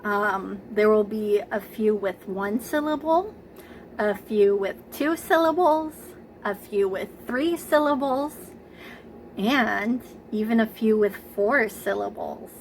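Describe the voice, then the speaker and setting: A woman teaching a preschool class, speaking gently and encouragingly, stretching out words for the children to clap along. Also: mid-range voice, lively intonation, slow pace, a little hiss or hum, poor audio. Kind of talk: slow, sing-song lesson for young children.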